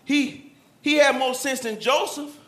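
High-voiced shouting preacher, echoey church. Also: male voice, measured pace. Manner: animated, shouting and dropping to a hush, acts out Bible figures. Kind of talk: sermon.

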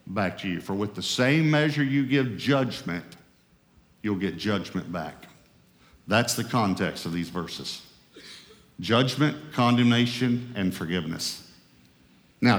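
A man delivers a sermon as pastor, leaning hard on key phrases in emphatic, rising and falling waves. His voice sits at an ordinary male pitch. A long reverb trails after him, as in a large church sanctuary.

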